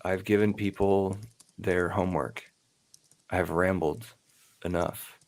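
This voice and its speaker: A man's voice: low voice, fairly even intonation, measured pace, darkish tone. A man hosting a casual live chat, rambling and often interrupting himself. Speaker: podcast host.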